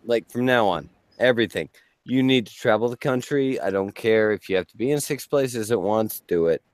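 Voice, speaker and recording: A man's voice: fairly low pitch, no echo. Man, podcast host, casual banter, joking, swearing, dry close sound. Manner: joking, swearing, quick to laugh. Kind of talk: casual banter on a talk show.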